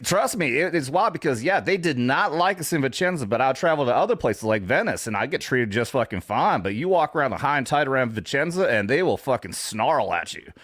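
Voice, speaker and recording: A middle-aged man, a veteran co-hosting a podcast, talking in casual chat that is blunt and profane and that swings up in pitch when he gets worked up. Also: a little fast, hardly any pauses, dry recording, clean studio sound. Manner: blunt, profane, animated storytelling with laughs.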